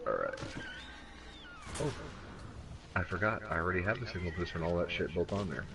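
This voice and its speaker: A man's voice: sits low, sing-song, a little fast, creaky, distant mic, music in the background. A man co-hosting a casual gaming stream, rambling and swearing, often restarting his sentences. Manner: rambling, profane, frequent restarts. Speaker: stream co-host.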